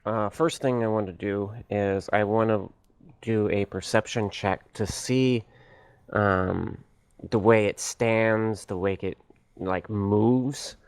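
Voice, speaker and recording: A man playing in a tabletop game, talking hesitantly and working out his moves out loud. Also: on the low side, fairly even intonation, slow, clear, resonant tone, no room sound. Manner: hesitant, many fillers and restarts. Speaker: player. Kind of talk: tabletop game play, casual.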